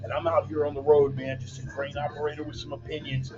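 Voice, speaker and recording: Livestream host, male, slightly high voice, laid-back and joking, dull laptop audio with bumper music under him. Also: level tone, quick pace. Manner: loose, joking, calls listeners "man" and "brother". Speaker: host of a weekly online commentary show. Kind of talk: casual livestream talk reading viewer comments. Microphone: laptop mic.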